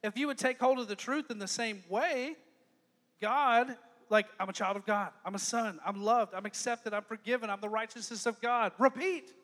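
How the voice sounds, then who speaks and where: A man preaching a lively youth sermon as pastor, joking and acting out quoted lines in changing voices. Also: sits high, moderate pace, long reverb tail.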